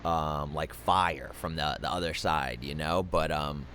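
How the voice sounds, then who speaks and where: A man's voice: very deep voice, fairly even intonation, unhurried, fairly bright tone, a little hiss or hum. A young adult man hosting an interview, talking casually with many ums and restarts and some swearing. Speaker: host.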